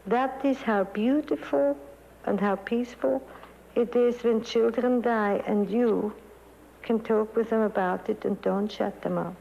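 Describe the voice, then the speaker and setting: A woman psychiatrist speaking earnestly and gently about children facing death. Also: fairly high pitch, fairly even intonation, a little slow, creaky, big-room sound, a little hiss or hum. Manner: earnest and gentle, reads quoted poems aloud. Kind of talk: reflective talk about dying children. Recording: dull lo-fi recording.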